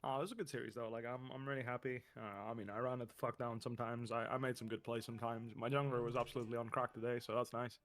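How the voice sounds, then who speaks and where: A man's voice: mid-range voice, steady tone, fast, few pauses, fairly bright tone. A young man and former pro gamer chatting casually on stream, rambling and repeating words, swearing often.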